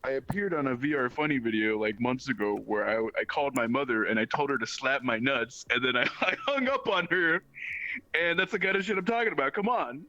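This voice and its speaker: A young man guest chatting casually, rambling with many pauses and restarts. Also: medium pitch, bright, forceful tone, no echo, dull audio. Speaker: guest streamer. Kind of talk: casual chat.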